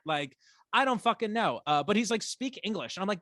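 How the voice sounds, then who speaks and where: Fired-up, higher-voiced man ranting on a podcast. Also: fast talker, no room sound. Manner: animated ranting, swears a lot. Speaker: podcast co-host. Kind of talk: casual rewatch podcast chat.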